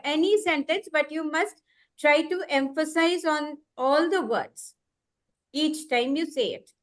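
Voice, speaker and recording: A woman with a high voice runs an online training session, explaining each step patiently. She repeats key words and slows down to spell out her examples. The sound comes through a computer mic on a video call. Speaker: trainer leading an online workshop. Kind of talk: live online workshop instruction.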